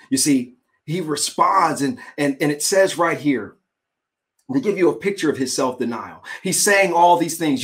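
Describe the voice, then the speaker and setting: Animated preacher man with a raised voice. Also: fairly high pitch. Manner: animated, dramatizes scripture, halting restarts. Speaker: pastor. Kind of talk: sermon in dialogue with co-pastor.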